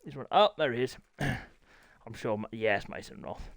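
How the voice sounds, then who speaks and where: A man's voice: medium pitch, animated, measured pace, gravelly, dry recording. Man, young adult, league streamer, harried, apologetic, dry recording. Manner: harried, apologetic, talking to chat while setting up. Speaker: streamer running a racing league. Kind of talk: live-stream chat to viewers.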